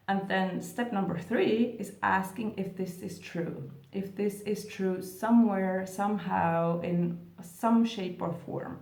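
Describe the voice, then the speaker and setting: A woman's voice: mid-range voice, unhurried, vocal fry, hardly any pauses, dark tone, roomy sound, distant mic. A woman coaching viewers through steps in a casual talk to camera. She is chatty, corrects herself as she goes, and acts out the reactions she quotes. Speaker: spiritual coach.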